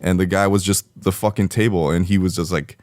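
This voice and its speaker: A man with a very low, deep voice, chatting loosely and telling a profane story full of restarts and fillers. He drops into quick impressions of the people he quotes. The sound is close and dry. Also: steady tone, darkish tone, dry recording. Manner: rambling, with lots of fillers and restarts. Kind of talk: casual storytelling chat.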